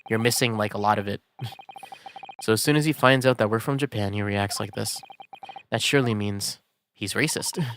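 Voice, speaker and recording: A man's voice: lowish voice, moderate pace, pauses often, fairly bright tone, slight background noise. A young man streaming a game, chatting casually and joking with frequent laughs. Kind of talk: casual gaming commentary.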